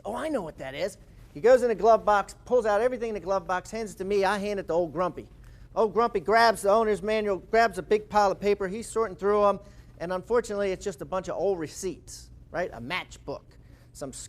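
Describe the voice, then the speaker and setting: A man in his fifties giving a motivational talk to a live audience, telling a story with lively, acted-out quotes. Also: high-pitched. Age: 50s. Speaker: speaker. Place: live presentation room.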